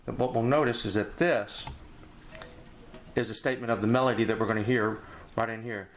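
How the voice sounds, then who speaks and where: A man teaching a jazz etude in a relaxed, rambling way, walking through the music and scatting phrases aloud. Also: lowish voice, moderate pace, slight background noise. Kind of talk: casual instructional walkthrough.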